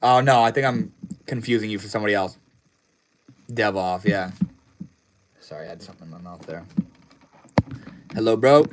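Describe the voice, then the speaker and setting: A young man hosting a casual livestream, reading chat messages aloud and answering in a laid-back, slangy way that trails off into low mumbles. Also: moderate pace, pauses often, slight background noise, rough recording. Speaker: livestream host.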